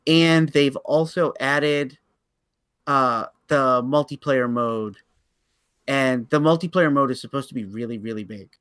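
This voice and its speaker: A man's voice: mid-range voice, measured pace, fairly bright tone, clear, resonant tone, dry recording. A man co-hosting a podcast in casual chat, opinionated, stumbling over restarts and laughing as he tells stories. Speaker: podcast co-host.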